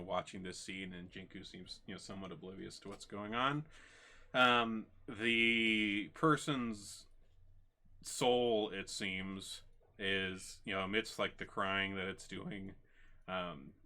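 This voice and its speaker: Slow, bright-voiced game master, full of ums. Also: male voice, deep voice. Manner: halting, many ums and restarts. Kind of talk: narrating a tabletop game.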